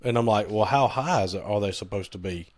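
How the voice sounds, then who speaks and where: A man co-hosting a podcast in casual chat, joking and teasing, a little hoarse from yelling over a saw. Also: lowish voice, fairly quick, no room sound, clean studio sound. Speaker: podcast co-host.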